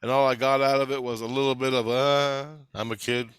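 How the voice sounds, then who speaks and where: A man's voice: medium pitch, flat delivery, brisk, clean tone, no room sound. A man speaking in a casual, rambling monologue, blunt and full of swearing. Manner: blunt, heavily profane, rambling with restarts. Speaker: channel host.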